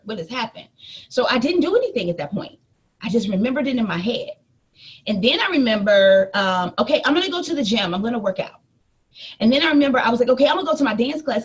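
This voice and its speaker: A woman in her thirties, a life coach, telling a personal story in a lively motivational talk to her audience. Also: mid-range voice, husky. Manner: animated storytelling, addresses listeners as y'all.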